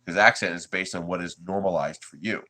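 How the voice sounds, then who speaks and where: A laid-back man from the United States talks through his 3D printing livestream in a casual, chatty way. His voice sits a little low but has a bright, forceful ring, and he chuckles between remarks to his viewers. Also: brisk.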